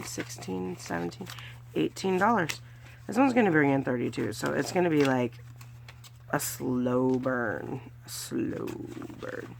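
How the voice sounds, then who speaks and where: A woman's voice: low-pitched, gravelly, a little hiss or hum. A woman from California narrating her budgeting video casually, chatty and counting money aloud with small cheers. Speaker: budgeting vlogger. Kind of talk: casual narration while doing cash challenges.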